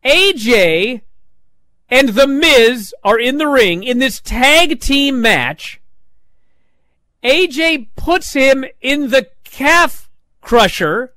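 A man's voice: very high-pitched, expressive, very slow, bright, forceful tone, no room sound. A man recapping a wrestling show in a casual, exasperated and sarcastic way.

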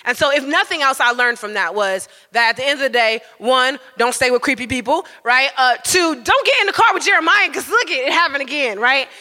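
A man tells a comic story live, animated and constantly checking in with "right?". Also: very high voice, brisk, hardly any pauses, big-room sound. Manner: animated, keeps asking "right?".

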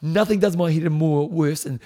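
A man's voice: on the high side, normal speed, crowd noise. A man co-hosting a podcast in casual chat. He talks in a chatty, coaching way and laughs easily. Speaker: podcast co-host.

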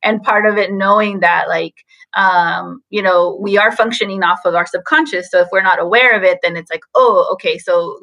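A woman's voice: mid-range voice, pushed and bright, poor audio. A young adult woman therapist talking animatedly in a casual podcast chat, mixing in Spanish phrases. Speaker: therapist guest.

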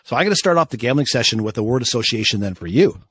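Male podcast co-host, brisk and husky, runs the questions. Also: medium pitch, lively intonation, fairly bright tone, dry recording. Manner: quick, laughs along, leads segments. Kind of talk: casual sports chat.

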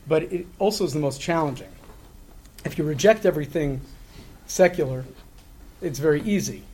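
A middle-aged man telling a story in a conversational way, halting with many fillers and restarts, earnest and reflective. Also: on the high side, darkish tone, slight background noise.

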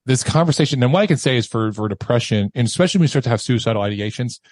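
Sex: man, with a middling pitch. Role: podcast guest. Style: candid, emotional storytelling with casual swearing. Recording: dry and close, with little room sound. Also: expressive, racing, darkish tone, no echo.

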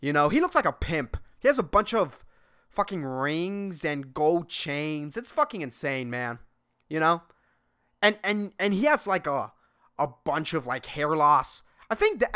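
Animated, profane podcaster. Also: male voice, on the high side, clear, resonant tone. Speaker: podcast host. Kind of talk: solo rambling podcast monologue.

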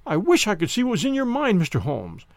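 Guy doing a middle-aged police inspector, eager and questioning, higher voice. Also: wildly swooping pitch, fast, no room sound, clean studio sound, full character voice. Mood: probing. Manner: questioning, probing.

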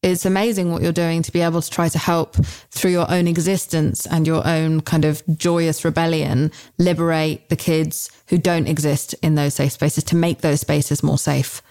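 A woman's voice: low-pitched, little pitch movement, moderate pace, few pauses, mellow. A woman interviewing a guest in an encouraging, affirming way. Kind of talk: conversational interview.

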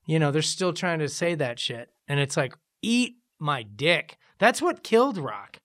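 A middle-aged rock musician talks in an animated, profane rush, his voice sitting a little high. The sound is dry and close. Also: measured pace, dry recording. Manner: animated, profane, jumps into loud mock voices. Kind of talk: casual interview talk.

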